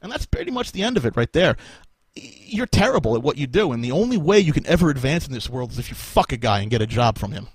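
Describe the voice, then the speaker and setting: A man's voice: mid-range voice, very animated, quick pace, slightly rough, no room sound. A man hosting a live podcast, ranting angrily and sarcastically with a lot of swearing and bursts of laughter. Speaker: podcast host. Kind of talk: profane rant on a live podcast.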